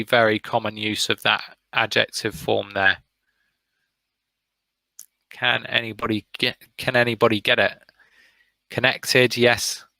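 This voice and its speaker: British male teacher, slow and encouraging, bright voice, dry sound. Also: mid-range voice, gravelly, dry recording, low-quality recording. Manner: encouraging, praises students by name. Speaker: English teacher. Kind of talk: online vocabulary lesson.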